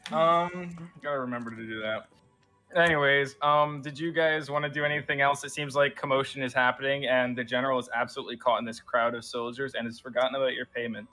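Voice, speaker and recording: Bright-voiced young dungeon master. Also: male voice, medium pitch, quick pace, faint music behind. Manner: relaxed, filler-heavy narration. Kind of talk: narrating a tabletop game.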